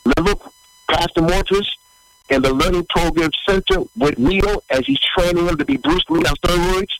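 A middle-aged man preaches with a lively, swinging delivery, his voice rising and falling through repeated emphatic phrases. There is a gravelly fry on his words, and the sound is close and dry with little room echo. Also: high voice, normal speed. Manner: animated, repetitive emphatic preaching. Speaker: pastor. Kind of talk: livestreamed sermon with announcements.

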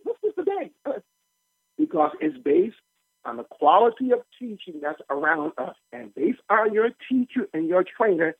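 Animated man preaching over a phone line. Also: high voice, gravelly, husky. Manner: animated, joking, asks the listeners rhetorical questions. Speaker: pastor. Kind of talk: lively informal preaching talk. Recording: tinny phone-line audio, dry.

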